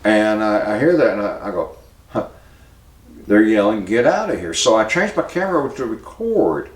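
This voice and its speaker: A man hosting a local news commentary show, talking in a plainspoken, halting way and cueing a producer to put up pictures. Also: on the low side, very animated, echoey room. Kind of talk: casual spoken commentary.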